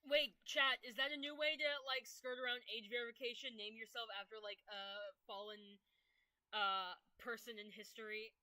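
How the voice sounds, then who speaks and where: A woman's voice: a little high, fairly even intonation, moderate pace, bright, forceful tone, no echo, rough recording. A woman streamer chatting casually, teasing her friends and talking to her chat.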